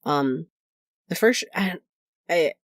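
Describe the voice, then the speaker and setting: Low-pitched and slow, this woman's voice has lively intonation and studio-quality sound with no echo. As a podcast co-host, she tells an anecdote in a casual chat, laughing frequently and performing the voices of the people she quotes.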